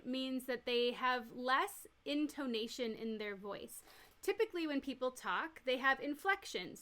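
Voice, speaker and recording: Female nurse educator, somewhat high and bright voice, plain step-by-step lecturing. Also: animated, unhurried. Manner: clear, step-by-step explaining with everyday examples. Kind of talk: recorded teaching lecture.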